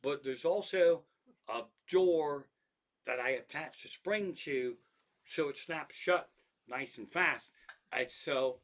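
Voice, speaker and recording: A man's voice: on the high side, a bit bright. A man who is a comedian, telling rambling, profane stories about his life and cats with lots of restarts and asides. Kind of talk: stand-up style storytelling monologue.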